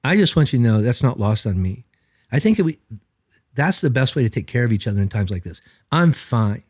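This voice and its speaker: On a reflective podcast, a middle-aged pastor speaks earnestly and a little fast, his ordinary-pitched voice rising and falling as he animatedly voices other people's words. The sound is close and dry, without any room echo.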